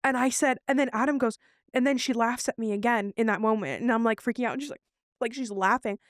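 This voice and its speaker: A woman co-hosting a casual podcast, her voice sitting a little high. She tells a shaken personal story in an animated way, slipping into the voices of the people she quotes. The sound is dry, with no room around it. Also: fast talker, no echo. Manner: animated, acts out what others said. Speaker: podcast co-host.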